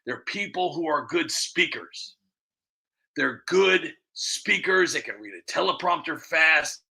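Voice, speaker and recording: A man hosting his own show talks in a loose, rambling monologue. His voice is gravelly and very bright, and sits a little high for a man. He presses his points hard and often repeats words. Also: expressive, slow pace. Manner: rambling, emphatic, repeats himself. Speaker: show host. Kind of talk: casual monologue.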